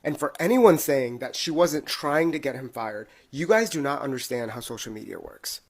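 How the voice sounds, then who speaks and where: A man's voice: mid-range voice, expressive, moderate pace, breathy edge. A man giving reaction commentary in an indignant, lecturing tone.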